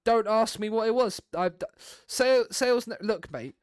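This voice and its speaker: A young man talks through his game to viewers in a loose, rambling stream chat. His voice sits high and sounds smooth and clear. The sound is dry and close, with no room in it. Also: moderate pace, no echo. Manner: rambling, chatty, talks to viewers while playing.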